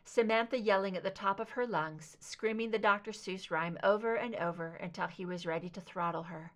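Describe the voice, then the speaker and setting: A woman reading fan fiction aloud as audiobook narration, in a measured, even way. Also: medium pitch. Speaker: audiobook reader.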